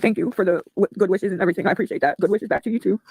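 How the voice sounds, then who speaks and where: Fast, angry, cursing livestreamer voice. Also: mid-range voice, heavy background noise. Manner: angry and profane, snapping at chat comments. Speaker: livestreamer asking for donations. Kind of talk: live stream talk to chat.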